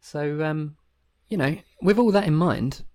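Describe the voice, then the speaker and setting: A man's voice: on the high side, measured pace, darkish tone. Wry man telling a meandering story. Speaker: podcast co-host. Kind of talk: casual comedic advice chat.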